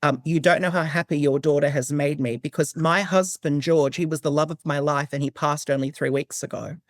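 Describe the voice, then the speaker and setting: A man voicing a gentle, grieving elderly widow who speaks softly and tenderly. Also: a little high, steady tone, a little fast, no room sound, studio quality, close to an everyday voice.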